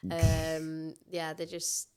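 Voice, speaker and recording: Northern English female athlete, lower-set voice, warm chatty guest who laughs easily. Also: monotone, extremely slow, clear, resonant tone. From Northern England. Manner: friendly, giggly, chatty. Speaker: rugby league player. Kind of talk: casual interview chat.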